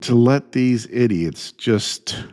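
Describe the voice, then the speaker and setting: A man hosting his own show, ranting indignantly in a halting way, restarting phrases and sighing between thoughts. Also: mid-range voice, a little mellow. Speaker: podcast host. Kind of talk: solo opinion rant.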